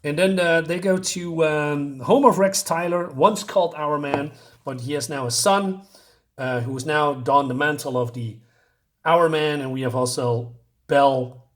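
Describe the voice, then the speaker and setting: A man's voice: fairly high pitch, a little slow. A man reviewing a comic book in a loose, rambling way, paraphrasing panels with lots of fillers. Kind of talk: casual solo review.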